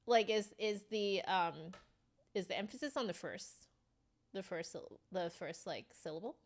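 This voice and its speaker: A woman's voice: mid-range voice, unhurried, pauses often. A woman hosting a flute livestream, chatting casually with viewers, laughing often and filling with "like" and "um". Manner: chatty, giggly, reads chat aloud; fillers, self-correcting.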